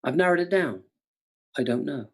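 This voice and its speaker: A man co-hosting a casual online quiz from home, chatty and jokey, reading each question slowly and repeating it. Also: fairly high pitch, animated, slightly rough. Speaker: quiz co-host. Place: home room by a window.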